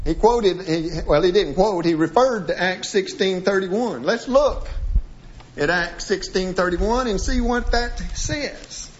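A man's voice: high voice, unhurried. A man teaching a sermon-style Bible lesson, reading passages aloud and then breaking them down piece by piece with frequent restarts. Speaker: preacher. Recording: dull lo-fi recording.

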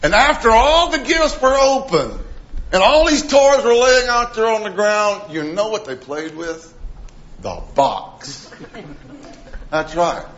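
Middle-aged man, preaching, animated delivery, fairly high voice, dull lo-fi sound. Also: takes it slowly. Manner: animated, acts out quoted voices, drops to soft emphasis. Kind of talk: sermon.

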